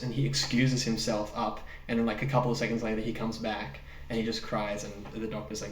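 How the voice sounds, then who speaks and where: A man co-hosting a podcast in a casual film discussion, talking in an animated way with laughs and the odd swear word. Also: on the low side, normal speed, far from the mic, a little hiss or hum. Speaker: podcast co-host. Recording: roomy sound, speaker off the mic.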